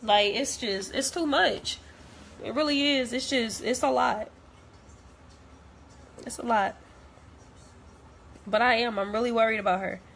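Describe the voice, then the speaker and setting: A woman's voice: on the high side, a little slow, gravelly, pauses often, fairly bright tone, a little hiss or hum. A young woman talking straight to camera, blunt and heated, repeating herself as she vents. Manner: blunt, repetitive, heated, profane. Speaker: vlogger. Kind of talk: direct-to-camera rant.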